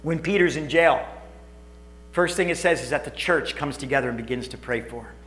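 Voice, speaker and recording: A man with a high voice delivers an emphatic sermon as pastor. His voice rises loud and drops hushed by turns. It rings through an echoey church room. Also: a little fast. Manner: emphatic, animated preaching that swings between loud and hushed. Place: church building.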